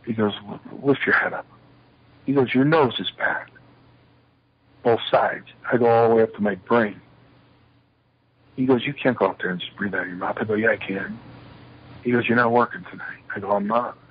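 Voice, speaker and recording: A man's voice: lowish voice, fairly quick, long pauses, a little hiss or hum. An older man, a guest in an interview, tells stories about his past, acting out the lines of the people in them. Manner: animated storyteller acting out quoted dialogue. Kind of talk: shoot interview storytelling. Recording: slightly muffled lo-fi interview audio.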